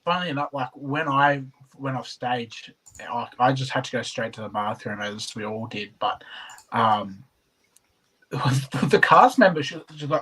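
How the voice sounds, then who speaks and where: A man, a guest on an interview, speaking in relaxed casual chat with sighs and restarts. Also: mid-range voice, moderate pace, a little hiss or hum, low-quality recording. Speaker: competitive chilli eater, guest.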